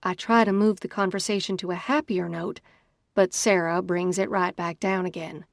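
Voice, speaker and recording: A woman's voice: on the low side, steady tone, moderate pace, vocal fry, no room sound, clean studio sound. A woman narrating a first-person romance audiobook in an emphatic, dramatic reading.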